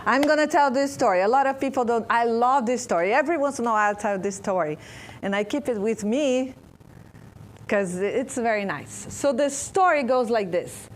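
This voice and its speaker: A woman with a Brazilian Portuguese accent giving an interactive spiritual talk to an audience. She pauses and restarts often while searching for words. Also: fairly high pitch. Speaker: speaker at a spiritist center.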